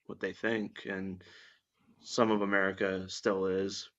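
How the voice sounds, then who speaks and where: A man's voice: low voice, flat delivery, measured pace, a bit bright. A man chatting as a podcast guest, blunt, opinionated and given to swearing. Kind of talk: casual podcast chat. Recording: dull lo-fi sound.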